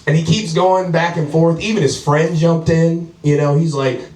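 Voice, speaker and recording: A man's voice: on the high side, moderate pace, few pauses, distant mic. A man performing a stand-up comedy set, rambling and profane, often laughing through his lines. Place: house comedy show, indoors. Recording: roomy live venue, mic from afar.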